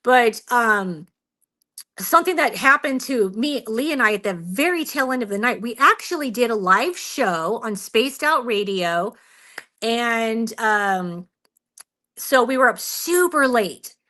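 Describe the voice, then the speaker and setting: This is a woman guest on a radio show, recounting a story with lively, expressive energy. Her voice is fairly high and very bright, and she laughs often as she talks. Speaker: Bigfoot researcher guest.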